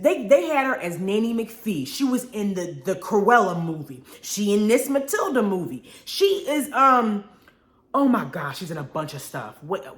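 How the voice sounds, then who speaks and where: A woman's voice: medium pitch, fairly bright tone. A young adult woman hosting a casual live radio show, talking expressively, laughing often and drawling words like honey and y'all. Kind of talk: casual live-stream chat reading viewer comments. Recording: roomy echo.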